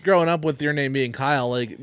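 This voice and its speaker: A man's voice: mid-range voice, fairly quick, clear, resonant tone, dry recording. A man hosting a casual comedy podcast, joking and swearing freely as he chats and rants. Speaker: podcast host.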